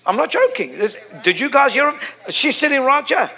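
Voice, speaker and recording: A man's voice: extremely high pitch, sing-song, fairly quick, vocal fry, sharp tone. A middle-aged man preaching a sermon, impassioned and repetitive, building to emphatic peaks.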